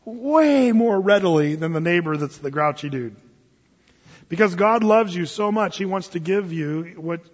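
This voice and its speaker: A male pastor in his forties gives an animated sermon and slips into playful voices as he tells everyday stories. His voice sits high and sounds husky. The recording is dull and lo-fi, with a long reverb from a large hall. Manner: animated storytelling, acting out voices in quoted asides.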